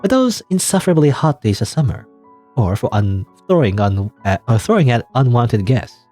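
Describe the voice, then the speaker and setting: A bitter old recluse of a woman, a wealthy heiress in a video game, voiced by a man in his own middle pitch who grumbles in a dry, sardonic drawl. The voice rises and falls with lively swings. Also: moderate pace, soft background music.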